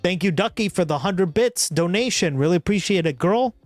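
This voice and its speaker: Chatting casually on his livestream, this host rambles, swears, and laughs frequently. His voice is high-pitched, animated, and a little fast, with no echo and faint music in the background.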